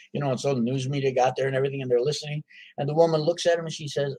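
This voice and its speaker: An animated man tells a folksy story, throwing in asides as he goes. His voice sits a little higher than most men's. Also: very fast, breathy edge. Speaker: author. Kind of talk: storytelling to a live audience.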